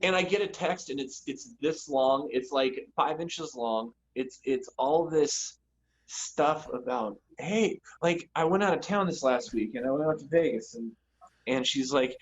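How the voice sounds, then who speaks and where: A man co-hosting a casual podcast from home, telling animated, exasperated stories while yard work goes on outside. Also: medium pitch, a little slow, highs cut off, a little hiss or hum. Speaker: podcast co-host. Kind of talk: casual chat. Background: lawn mowing and sprinkler work.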